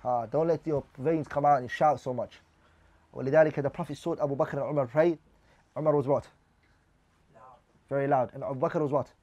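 A man's voice: medium pitch, fairly even intonation, fairly quick, long pauses, a little mellow, no room sound. A man teaching a religious class, reading lines of Arabic text and then explaining them in English while putting questions to his listeners.

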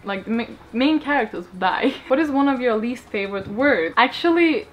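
Hoarse chatty young woman. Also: fairly high pitch, expressive, moderate pace, muffled recording, faint music behind. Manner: chatty, reads viewer questions aloud and answers. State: hoarse, losing her voice. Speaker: book YouTuber. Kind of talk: casual Q&A chat.

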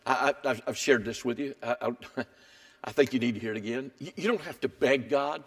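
Emphatic high-voiced older preacher. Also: male voice, normal speed. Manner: dramatic swings between hushed and emphatic. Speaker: pastor. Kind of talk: sermon. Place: church sanctuary.

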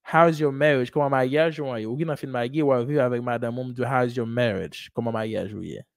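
A man's voice: medium pitch, fast talker, gravelly, no echo. A man teaching English in a classroom, explaining in Haitian Creole and French, repeating sentences and asking "ok?" after each point. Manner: asks and praises students, says "ok?" and "good job".

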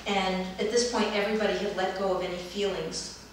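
A middle-aged woman, a dance movement therapist, calmly telling the story of a session with children. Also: mid-range voice, a little fast, slight background noise. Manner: calm, gentle storytelling, livelier when acting out children. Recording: roomy echo, heard from a distance.

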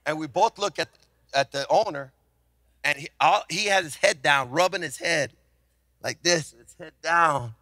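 A man preaching a sermon as senior pastor, telling a story with animated delivery and acted-out voices. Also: a little high, a little slow, no room sound, clean studio sound.

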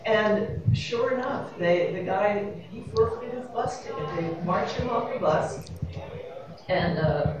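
A wry, rambling New woman in her fifties spins a story on a panel. She sounds far from the mic in a very echoey room, with an audience murmuring behind her. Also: fairly low pitch. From New York City.

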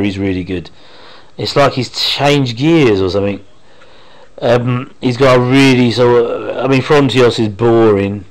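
A man's voice: on the low side, low-quality recording. Rambling, enthusiastic male fan commentator. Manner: rambling and enthusiastic, with trailing half-sentences. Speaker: fan commentator reacting to a TV episode. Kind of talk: casual watch-along commentary. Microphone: home microphone.

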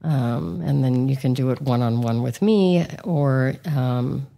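A woman with a low voice, a coach who is a guest on a podcast. She speaks frankly and with animation, leaning on fillers as she talks. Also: takes it slowly, gravelly, warm tone. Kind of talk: casual conversation.

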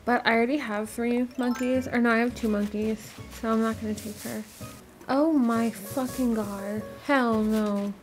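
A young woman talks over a video game in a casual, blunt way, reacting dramatically and swearing often. Her voice sits a little high. Faint music plays behind her. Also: fairly even intonation, normal speed. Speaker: gaming vlogger.

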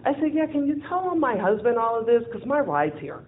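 At an event venue, a woman tells a lively personal story to an audience in a fairly high voice at a brisk pace. She's animated, acting out quoted dialogue and laughing often. The audio is tinny and phone-like, lo-fi with a faint hiss.

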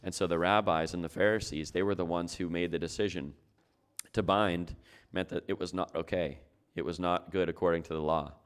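A man's voice: low-pitched, steady tone, fairly quick, smooth. A man preaching a sermon as pastor, talking it through in a conversational way and asking his listeners rhetorical questions.

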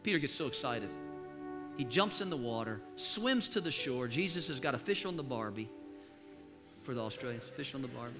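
A pastor preaching a sermon, rousing the congregation to call back and dropping to quiet, confiding asides between loud rallying lines. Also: male voice, medium pitch, lively intonation, brisk, music in the background. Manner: exhorting, call-and-response with the congregation. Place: church service.

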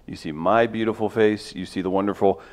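A man hosting a morning podcast from a studio, with casual banter and a dry, deadpan sense of humor. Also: lowish voice, fairly quick. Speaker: podcast host.

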